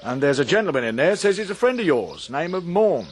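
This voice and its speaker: An actor playing a calm, shrewd country police inspector, measured and dry, in a radio drama. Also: male voice, on the high side, a little hiss or hum.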